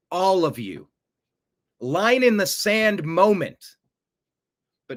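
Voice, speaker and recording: A man's voice: lively intonation, moderate pace. Guy ranting about politics, swearing a lot, voice jumps all over. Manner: profane, repetitive, swings from low mutter to shouting. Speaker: political commentary host. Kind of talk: angry political rant.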